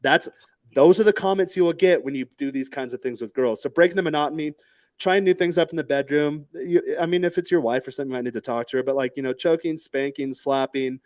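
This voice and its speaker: A man's voice: a little high, fast, no echo. A man hosting a casual podcast chat, rambling with many fillers and restarts. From United States.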